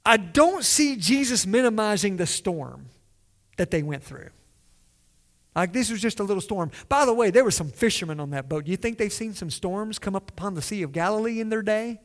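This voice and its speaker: A man's voice: sits high, expressive, normal speed. A man preaching a sermon in a conversational way, asking the listeners questions and acting out quoted lines. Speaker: pastor.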